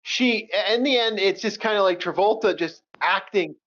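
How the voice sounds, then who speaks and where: A man co-hosting a casual movie review chat, animated and swearing a lot as he repeats himself. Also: high voice, normal speed. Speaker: co-host of a movie review show. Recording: dull lo-fi sound.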